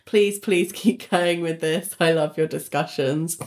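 A woman's voice: sits low, unhurried. A British woman with a British accent co-hosting a podcast, reading listener reviews aloud and giggling through her asides. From Britain. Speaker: podcast co-host.

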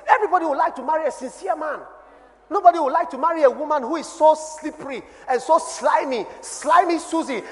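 A man with a Ghanaian accent preaching a sermon as a pastor, his voice dropping low and then swelling loud. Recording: long hall reverb.

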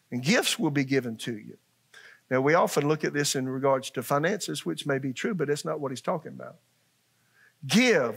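A man's voice: fairly high pitch, creaky, a bit bright, breathy edge. An older man, a pastor, preaching a conversational sermon and asking his congregation questions.

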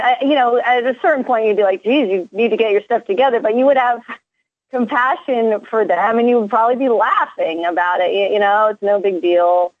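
A woman's voice: a little high, no echo. A woman guest on a radio talk show, speaking earnestly and with enthusiasm in casual conversation. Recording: dull, dry, lo-fi line.

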